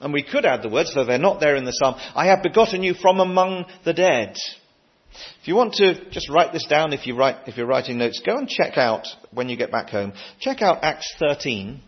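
Guy preaching, fairly high voice, emphatic, muffled lo-fi sound. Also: expressive, normal speed, breathy edge. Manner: earnest, emphatic, with frequent restarts. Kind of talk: sermon.

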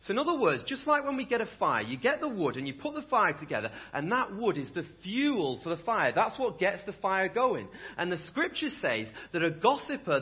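Young guy preaching, husky voice, chatty, keeps asking the room stuff, dull lo-fi church recording. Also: sits high. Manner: animated, conversational, asks the room rhetorical questions. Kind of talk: sermon. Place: church hall.

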